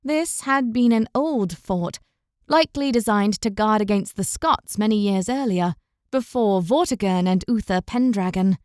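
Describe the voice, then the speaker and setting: A woman reading a fantasy audiobook as narrator, in steady, even storytelling. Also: medium pitch, a little slow, clean tone, no echo, clean studio sound. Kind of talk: scripted narration.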